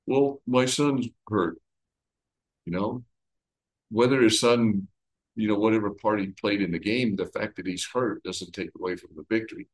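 A man leading a conversational Bible study, retelling the story with lively everyday comparisons. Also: on the low side, moderate pace, rough recording. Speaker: Bible teacher.

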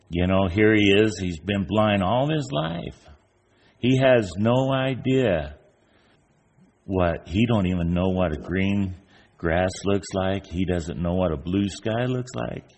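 Folksy older man preaching, very deep. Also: a little mellow. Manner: folksy storyteller, acts out imagined voices. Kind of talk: informal sermon.

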